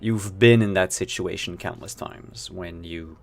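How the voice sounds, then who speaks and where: Male game master, lowish voice, casual narration, rambling asides. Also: fairly even intonation, a little slow, gravelly. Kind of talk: narrating a streamed tabletop game.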